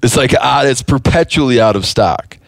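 Male podcast host, mid-pitched, loose rambling delivery with restarts, dry close mic. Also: animated, normal speed, gravelly, no echo. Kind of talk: casual podcast talk.

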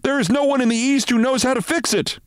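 A man doing a shouting, panicked intern. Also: very high-pitched, fast talker, smooth, no echo, studio quality, pitched above the performer's own voice. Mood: alarmed. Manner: shouting in alarm. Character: panicked young male hospital intern.

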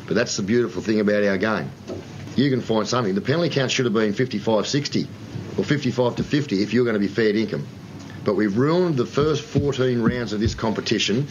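A man's voice: fairly low pitch, fairly quick. A man with an Australian accent giving a blunt, exasperated opinion about rugby league in a played clip. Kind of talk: impassioned opinion. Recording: dull, slightly noisy clip.

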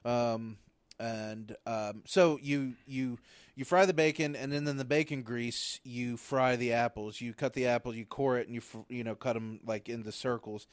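A man's voice: medium pitch, moderate pace, smooth, dry recording. A young man in casual chat, explaining step by step with many ums and restarts. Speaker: podcast co-host.

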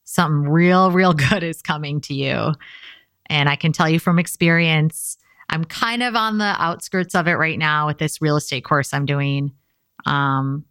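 Young woman with a low voice doing an encouraging self-help chat, dry close sound. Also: a bit bright, no echo. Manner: earnest, encouraging, casual with filler words. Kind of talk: motivational self-help talk.

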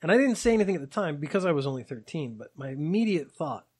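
Husky-voiced man in his forties. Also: a little high, very animated, fast, darkish tone. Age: 40s. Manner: reflective, wry, digressive. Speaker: storyteller. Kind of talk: personal anecdote monologue.

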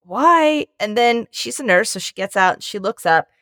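A woman telling a funny story in casual chat, animated and acting out the voices of the people in it. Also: mid-range voice, brisk, no room sound, clean studio sound.

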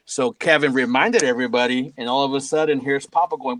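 A man's voice: mid-range voice, fairly quick, few pauses, no echo. A man, a wrestling promoter, telling backstage stories in casual chat, laughing and acting out what people said. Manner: animated, laughing, acts out quotes.

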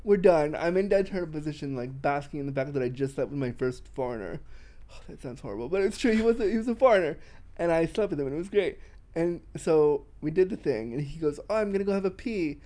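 Brash, animated man telling stories. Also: a little high, fast talker. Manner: animated, brash storytelling with frequent swearing and laughter. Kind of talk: casual podcast chat.

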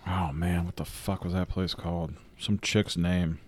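A man's voice: low-pitched, little pitch movement, a little slow, slight background noise. A man chatting casually while eating, rambling and swearing freely as co-host. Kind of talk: casual chat, eating on camera.

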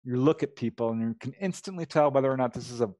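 A man telling personal stories as a guest, animated, laughing often and acting out dialogue. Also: medium pitch, fast talker, no room sound. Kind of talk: casual storytelling.

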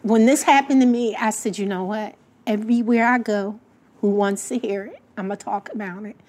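A middle-aged woman, a guest sharing an emotional, lively personal story on a talk show and quoting the people in it. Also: mid-range voice, normal speed. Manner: emotional, lively storytelling with voiced quotes of her late husband. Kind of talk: casual heartfelt talk show conversation.

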